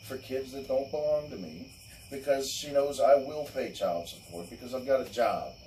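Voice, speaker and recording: A man's voice: mid-range voice, moderate pace, darkish tone, distant mic, a little hiss or hum, low-quality recording. Blunt, profane man ranting off-mic. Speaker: show host. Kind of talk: casual crude podcast chat.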